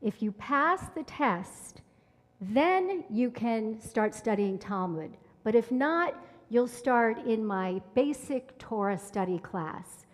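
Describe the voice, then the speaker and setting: A woman voicing a patient, wise old male rabbi who asks measured, teacherly questions in a sermon story. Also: a little high, animated. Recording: reverberant sanctuary from afar.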